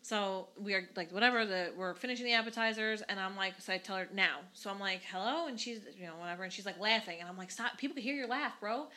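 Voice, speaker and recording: A young woman tells a story on a casual podcast. She talks fast in a bright voice and acts out both sides of the conversation. She swears freely as she goes. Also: medium pitch, rough recording. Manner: animated, swears freely, quotes herself in dialogue. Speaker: podcast co-host.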